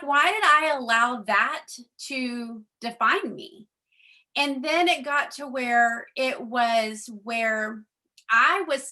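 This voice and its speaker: A woman giving a chatty motivational talk to her sales team, full of fillers and acting out conversations. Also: high-pitched. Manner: chatty and animated, many fillers, acts out quoted dialogue. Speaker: direct sales leader speaking to her team.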